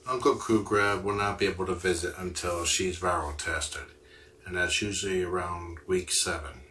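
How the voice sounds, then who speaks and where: A man's voice: low-pitched, steady tone, normal speed, bright, forceful tone, a little hiss or hum. A man hosting a livestream, chatting casually and answering viewer comments as they come in. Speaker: livestream host. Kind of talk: casual chat with live viewers.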